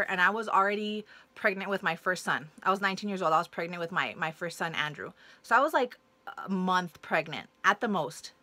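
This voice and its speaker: Young woman vlogging a story, bright sharp voice, swears a lot, dry close sound. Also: medium pitch, dry recording. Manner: blunt and profane, animated retelling. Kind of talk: casual storytelling.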